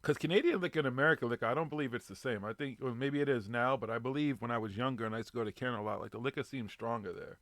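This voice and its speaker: A man's voice: medium pitch, rapid-fire, hardly any pauses, a bit bright, dry recording. A man in his thirties hosting a live online show, chatting casually and telling loose stories with plenty of swearing. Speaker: podcast host. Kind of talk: casual chat on a live stream.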